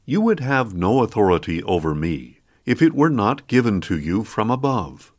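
A man reading the lines of a calm, grave male teacher under trial, in a measured, solemn way. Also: on the low side.

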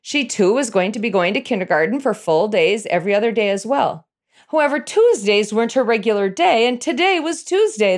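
Lively middle-aged woman telling a story. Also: medium pitch. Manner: animated, chuckles through her telling. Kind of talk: personal storytelling.

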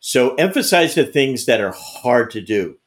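With a medium-pitched voice that swings widely in pitch, an unhurried veteran basketball coach, an older man, tells stories in an interview. He's emphatic, repeats words, shares anecdotes, and restarts frequently.

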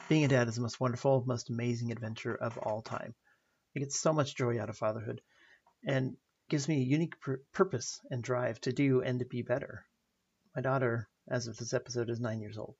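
A man's voice: mid-range voice, steady tone, fairly quick, vocal fry, slightly rough, muffled recording. A man in his thirties hosting a personal podcast, telling stories earnestly with light self-deprecating humor. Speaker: podcast host.

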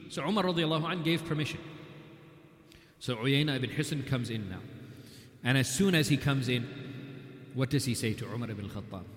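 A man's voice: medium pitch, brisk. A man giving a weekly religious history lecture, retelling events through quoted dialogue and recited scripture. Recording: echoey hall with long reverb.

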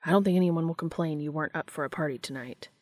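A woman's voice: deep voice, quick pace, darkish tone, dry recording, clean studio sound. A woman reading a fan story aloud, voicing a practical, concerned younger brother in a matter-of-fact way.

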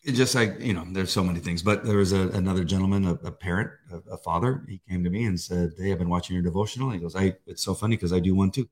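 A middle-aged man co-hosting a faith devotional, talking in a halting, emotional way with many fillers. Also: low-pitched. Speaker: devotional co-host. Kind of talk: casual faith chat.

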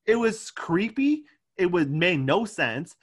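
A man's voice: high voice, takes it slowly, husky. A man co-hosting a podcast, chatting casually and getting exasperated over a movie. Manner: exasperated, animated, swears when riled. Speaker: podcast co-host. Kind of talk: casual movie review chat.

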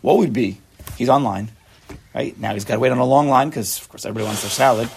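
A man's voice: mid-range voice, fast talker, creaky, slight background noise. A man giving a casual, chatty Torah class, joking and mixing Hebrew and Yiddish terms into his talk.

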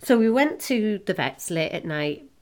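A middle-aged woman hosting a podcast, telling a personal story emotionally, with halting restarts. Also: mid-range voice, big pitch swings, a little mellow. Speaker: podcast host.

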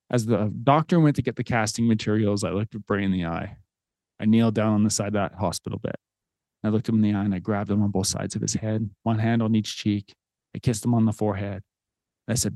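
A man in his thirties tells a personal story as a podcast host, earnest and heartfelt. His voice is mellow and warm, close and dry, with no room sound. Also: on the low side, fast talker, no room sound.

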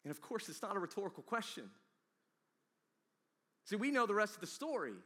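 A man preaching in a big church hall, his fairly high voice ringing out with a long reverb tail. He swings from near-whispers to loud, emphatic bursts as he drives each point home. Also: very animated, fairly quick. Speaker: pastor. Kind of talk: sermon.

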